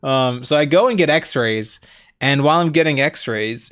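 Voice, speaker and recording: A man casually telling a long story on a stream, rambling with lots of fillers and quoting the people he met, animated as he retells it. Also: medium pitch, unhurried, clear, resonant tone, faint music behind. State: injured foot, on crutches. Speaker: streamer co-host.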